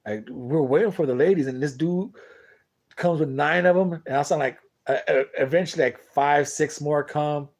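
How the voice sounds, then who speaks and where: A man's voice: fairly high pitch, normal speed, creaky, a little mellow. A young man telling a long, profane, rambling story in casual talk to camera on a boxing talk show.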